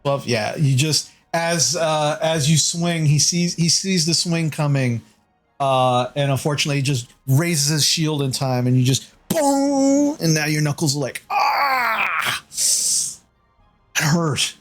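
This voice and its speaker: Man running a tabletop game, fairly high. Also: normal speed, faint music behind. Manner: casual, loose narration with many fillers. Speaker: game master.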